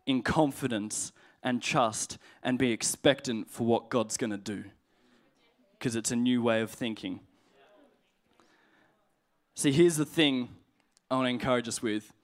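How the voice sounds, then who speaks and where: A man preaching a sermon in a conversational, humorous way, slowing down to read scripture aloud. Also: medium pitch. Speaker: pastor.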